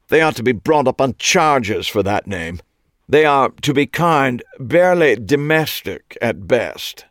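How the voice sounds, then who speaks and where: A man voicing a flamboyant British man with a nasal accent who talks far too loudly and theatrically. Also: very animated, measured pace, dry recording, clean studio sound. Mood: gleeful. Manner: booming, theatrical, gossipy.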